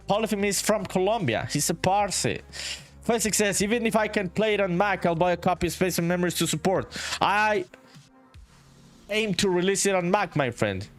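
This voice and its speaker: A man's voice: sits high, moderate pace, a bit bright, soft background music. A man from Honduras, chatting casually on a game-development livestream, reading viewer messages aloud and saying "dude" a lot. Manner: laid-back, reads viewer chat aloud, says "dude" often. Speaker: indie game developer streaming. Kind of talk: casual livestream chat while working.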